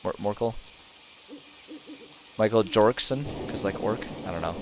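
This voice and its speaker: A male streamer at home, giving sarcastic, animated commentary on a game and laughing often. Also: fairly low pitch, measured pace, noisy background. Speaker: gaming streamer. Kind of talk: casual let's-play commentary.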